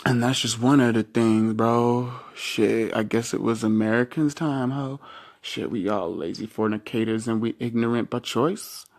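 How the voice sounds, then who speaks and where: A man's voice: medium pitch, fairly even intonation, normal speed, a little mellow. A man ranting into the camera in a rambling, slangy monologue, swearing freely and quoting himself with "I'm all like". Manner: slangy, rambling, jumps from topic to topic; keeps quoting himself with "I'm all like", voice jumping up when he does.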